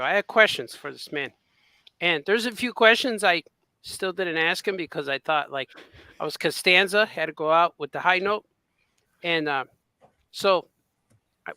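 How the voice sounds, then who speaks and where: A man's voice: a little high, pushed and bright, clear, resonant tone, no room sound. A man co-hosting a podcast, telling an anecdote in a casual chat and acting out the quotes. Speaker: podcast co-host.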